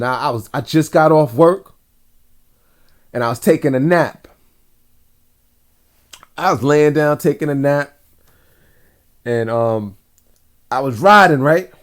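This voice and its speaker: A man recounts a dream in a loose, rambling way, speaking straight to his audience with plenty of slang. His voice sits a little higher than most men's. It sounds unscripted and personal, like a casual vlog. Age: adult father. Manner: rambling, talks to viewers directly, slangy. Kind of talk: casual storytelling.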